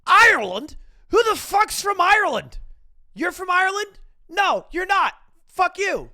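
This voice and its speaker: A man putting on a loud, crude impression of a young Irish man who shouts. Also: extremely high pitch, big pitch swings, a little slow, voice pushed up, heavily acted. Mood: aggressive yelling. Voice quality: yelling, crude.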